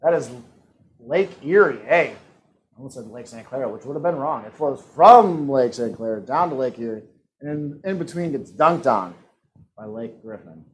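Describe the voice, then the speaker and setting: A man hosting a live-streamed trivia game, reading out questions and answer choices with quick jokes and frequent laughs. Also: medium pitch, lively intonation, a little hiss or hum, poor audio. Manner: jokey, laughs often, reads out multiple-choice options. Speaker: trivia host.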